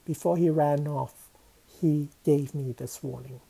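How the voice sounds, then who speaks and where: A woman reading a children's story aloud, expressive and changing her voice for each character. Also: low-pitched, unhurried, gravelly, slightly rough, rough recording.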